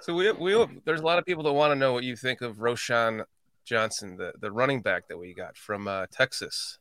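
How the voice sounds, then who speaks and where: A man's voice: medium pitch, a little fast, fairly bright tone, smooth, dry recording. A man hosting a casual chat, playful and often restarting his sentences. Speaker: podcast host.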